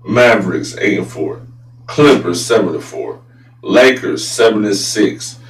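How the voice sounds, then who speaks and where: A man hosting a casual sports talk show, blunt and profane, often turning loud and incredulous. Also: sits low, animated, a little slow. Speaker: sports podcast host. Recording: roomy echo, voice a bit far from mic, faint hum.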